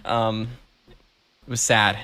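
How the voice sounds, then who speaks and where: A man's voice: lowish voice, little pitch movement, extremely slow, bright, forceful tone, slight background noise. A man chatting casually while playing his game, giggling, rambling and cutting himself off mid-sentence. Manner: giggly, rambling, self-interrupting. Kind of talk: casual let's-play chat.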